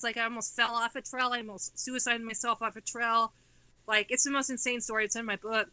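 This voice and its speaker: A woman in her forties with a piercingly bright, sharp-edged voice pitched a little high, talking in a loose, candid way that spills from one run-on sentence into the next. She swears freely and keeps the story rolling as a guest in casual conversation. The sound is very dry, with no room echo around her. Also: clean tone. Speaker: guest author.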